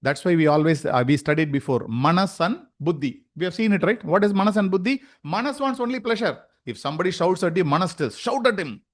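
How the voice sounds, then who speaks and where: A man's voice: high-pitched, lively intonation, fast, few pauses. A middle-aged man with a Tamil-influenced Indian English accent, teaching a yoga class and explaining through questions and stories. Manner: explains with rhetorical questions and anecdotes. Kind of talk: lecture to a class.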